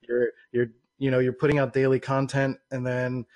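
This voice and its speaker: A man hosts a casual interview, relaxed and encouraging, often murmuring agreement. His voice has an everyday, mid-range pitch. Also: normal speed, highs cut off. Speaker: podcast host.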